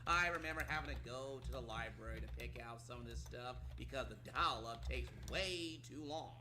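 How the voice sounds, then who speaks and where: A man's voice: medium pitch, moderate pace, close to an everyday voice. A man playing an awkward, hesitant office coworker who stammers. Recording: noisy room ambience.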